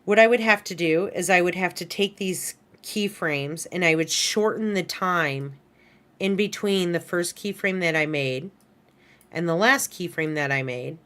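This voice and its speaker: A woman's voice: on the low side, unhurried, fairly bright tone. A woman teaching an animation class at her computer, talking casually and correcting herself as she goes. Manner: casual, self-correcting, lots of "right?" and "kind of". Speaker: animation instructor. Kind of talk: recorded class lecture. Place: screen-share lesson at a computer. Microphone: headset or desk mic she adjusts.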